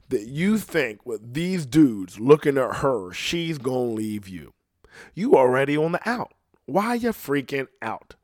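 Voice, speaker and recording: A man's voice: a little high, no room sound, studio quality. Rambling, profane male podcast host. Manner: rambling, profane, swings between loud outbursts and muttering. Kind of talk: casual podcast chat. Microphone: podcast microphone.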